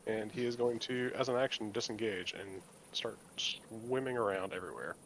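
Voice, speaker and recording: A man with a slightly low voice plays a tabletop game over voice chat. He talks through his turns in an eager, matter-of-fact way. A faint hiss sits under the recording. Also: normal speed, fairly bright tone. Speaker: player.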